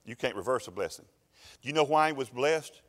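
A pastor, telling a story and building to loud, fervent preaching in a sermon. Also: male voice, medium pitch, lively intonation, fairly quick, in a large hall.

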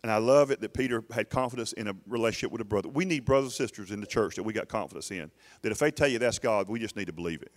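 A man's voice: fairly low pitch, racing, hardly any pauses. Emphatic middle-aged man preaching. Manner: emphatic, urging listeners, with frequent restarts. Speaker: pastor. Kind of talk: sermon. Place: church.

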